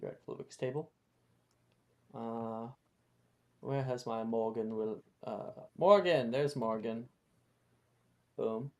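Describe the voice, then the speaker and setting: Slow-talking man as game master. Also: mid-range voice. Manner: slow, halting, lots of fillers. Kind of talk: narrating a tabletop game.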